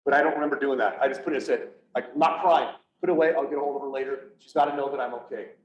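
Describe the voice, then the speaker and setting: A man's voice: medium pitch, rapid-fire. Man telling a raw personal story. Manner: candid, blunt, acts out quoted dialogue. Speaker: public speaker, police officer. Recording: echoey, distant, slightly dull, faint hiss.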